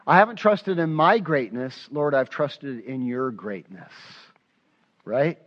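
A man's voice: medium pitch, lively intonation, slow, dull audio. A man preaching a sermon as pastor, acting out prayers aloud with passion. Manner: impassioned, acts out prayers aloud.

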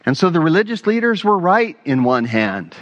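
A man preaching a sermon as pastor, telling stories in an earnest, animated way with casual asides. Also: a little high, moderate pace, lo-fi sound.

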